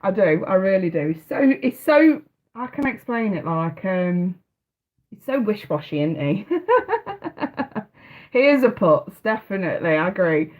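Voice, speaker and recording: A woman's voice: mid-range voice, expressive, normal speed, narrow, tinny audio. A woman, hosting a live tarot stream in casual, hesitant chat and laughing often. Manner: chatty, hesitant, often restarting, laughs a lot.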